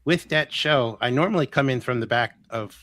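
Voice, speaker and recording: A man in his sixties, a healer guest telling stories in a casual, animated way, chuckling often and acting out what people said. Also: medium pitch, normal speed, no room sound. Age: 60s. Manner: animated, chuckles often, acts out quoted dialogue. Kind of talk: casual storytelling.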